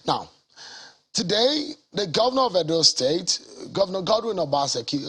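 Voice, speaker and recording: A Nigerian man presenting a political news show, reading a statement aloud in a measured, deliberate way. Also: on the high side, a bit bright, slightly rough.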